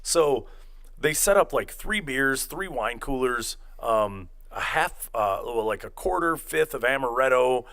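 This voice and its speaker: A young man spins a rambling, profane story in casual podcast chat. His voice sits in an ordinary middle pitch, and he keeps jumping into animated acted-out quotes. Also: unhurried. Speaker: podcast host telling a story.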